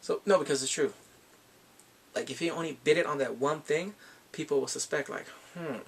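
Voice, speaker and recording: Animated man with a gravelly voice. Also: a little high, fairly quick, far from the mic. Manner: animated, acts out scenes with laughs. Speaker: show reviewer. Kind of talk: casual episode recap.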